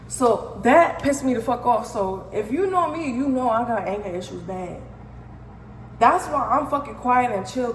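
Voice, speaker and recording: A young woman from New York with a matching accent, telling a storytime vlog in a loose, profane, slang-heavy way. Her voice sits a little high, and the room around her rings with a long echo. A faint ambient hum runs underneath. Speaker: vlogger. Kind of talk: casual storytime.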